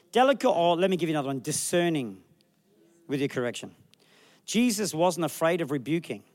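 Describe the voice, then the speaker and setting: A middle-aged man preaching a sermon as a pastor, telling jokey stories and putting on voices for the people he quotes. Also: a little high. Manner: jokey, animated storytelling with put-on quoted voices.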